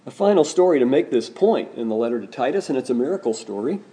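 A man's voice: medium pitch, animated, quick pace, mellow. A male pastor delivering a sermon, emphatic and questioning the congregation directly. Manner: emphatic preaching with rising, pointed questions.

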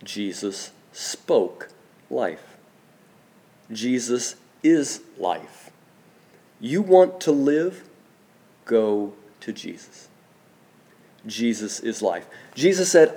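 A man preaching a sermon, slow and deliberate, letting his voice drop soft on key phrases. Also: on the high side, lively intonation. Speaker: pastor.

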